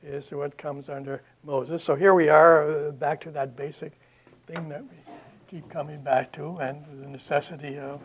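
A man lectures in a slightly high, monotone voice with a husky edge, stumbling through fillers and restarts. The recording is dull and lo-fi, like an old classroom tape. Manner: halting, many fillers and restarts. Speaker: Bible lecturer.

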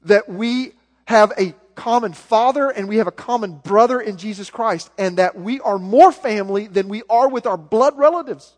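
Man, Southern accent, pastor preaching, earnest, high voice, long hall echo. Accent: Southern American. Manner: earnest, repeats words when building a point. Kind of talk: sermon.

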